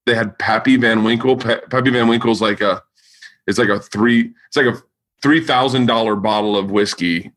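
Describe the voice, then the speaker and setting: A man's voice: medium pitch, steady tone, moderate pace, fairly bright tone. A man hosting a podcast, telling rowdy stories in casual chat, swearing freely and acting out quotes in raised voices. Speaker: podcast host.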